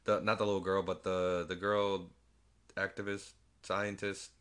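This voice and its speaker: A man's voice: deep voice, flat delivery, a little slow, fairly bright tone, clear, resonant tone. A man casually recapping a film, rambling and swearing as he acts out scenes. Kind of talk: casual movie recap chat.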